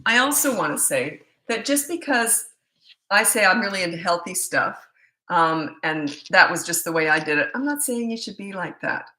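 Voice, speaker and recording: A woman's voice: lowish voice, lively intonation, moderate pace, bright, forceful tone, rough recording. A middle-aged woman parenting coach chatting and telling stories in a live webcam Q&A, laughing often. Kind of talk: live Q&A chat from home on webcam. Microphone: laptop webcam.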